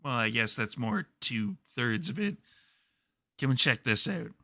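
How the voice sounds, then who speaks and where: A man voicing a calm official who speaks matter-of-factly. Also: mid-range voice, measured pace, gravelly, no room sound, heavily acted.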